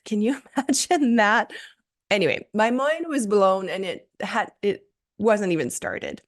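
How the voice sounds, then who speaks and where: A woman's voice: medium pitch, lively intonation, a little slow. Enthusiastic woman telling a podcast story. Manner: enthusiastic, chatty, with frequent fillers. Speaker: podcast host.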